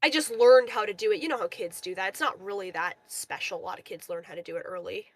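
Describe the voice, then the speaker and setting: A woman's voice: medium pitch, no echo. A woman in her twenties, a guest on a streamed talk show, answering personal questions defensively and trailing off to a mutter. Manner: defensive, talks fast and drops to a mutter. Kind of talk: personal interview and argument.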